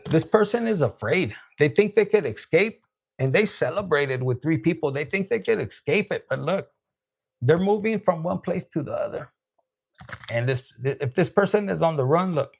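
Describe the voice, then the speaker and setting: Male tarot reader with a raspy voice, casual and profane, peppers his reading with Spanish slang. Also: a little high, lively intonation, moderate pace. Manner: loose, profane and laughing, with Spanish slang asides.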